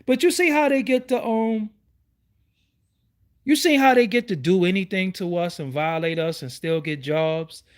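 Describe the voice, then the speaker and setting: A man's voice: high-pitched, normal speed. A middle-aged man, hosting his own online show and ranting to his viewers with heated, repeated rhetorical questions. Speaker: YouTube show host. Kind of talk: livestream rant.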